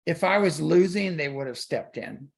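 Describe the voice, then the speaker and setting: A man's voice: on the high side, lively intonation, normal speed, vocal fry. A man hosting a talk radio show, telling a personal story in loose, casual conversation full of "you know".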